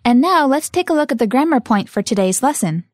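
Female co-host for an English lesson, upbeat and very expressive, close dry sound. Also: sits high, a little fast, dry recording. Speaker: English teacher. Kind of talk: scripted language lesson.

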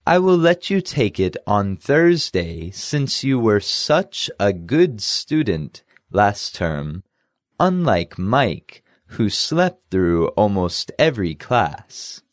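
A man's voice: mid-range voice, dry recording, clean studio sound. A man playing a friendly professor. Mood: slow, clear. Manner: relaxed, friendly, reads lines then slowly repeats them. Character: friendly male university professor. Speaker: voice actor in a language lesson dialogue.

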